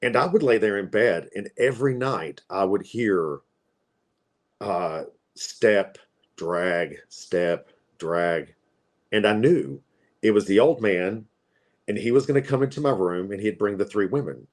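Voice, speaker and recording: With a voice on the low side, lively intonation, and a slightly mellow tone at normal speed, a tarot reader in his forties tells stories. He's from Appalachia and rambles chattily, leaning on fillers.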